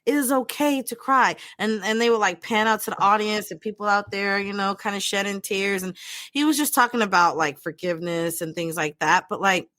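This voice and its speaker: Medium-pitched, fairly quick and sharp in tone, this woman's voice is captured in studio quality with no echo. A mental health professional co-hosting a podcast, she keeps the chat casual and lively, often laughing and performing quotes.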